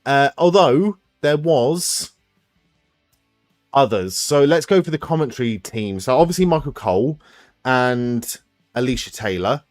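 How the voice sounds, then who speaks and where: A man's voice: medium pitch, animated, unhurried, dry recording, clean studio sound, soft background music. A man hosting a live watch-along stream, thinking aloud and swearing freely as he plays a guessing quiz with viewers.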